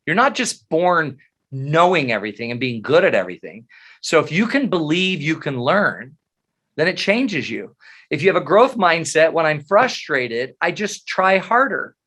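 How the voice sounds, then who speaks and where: A man's voice: fairly high pitch, very animated, moderate pace, fairly bright tone, husky. A middle-aged man giving a webinar talk on psychology, telling stories with humor and animation. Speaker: presenter.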